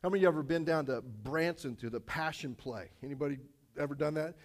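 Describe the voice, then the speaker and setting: A male preacher with a fairly high voice delivers a casual sermon. He tells stories with jokes, swinging from loud, punchy lines to quiet asides. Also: quick pace. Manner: casual, animated storytelling with jokes. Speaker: pastor.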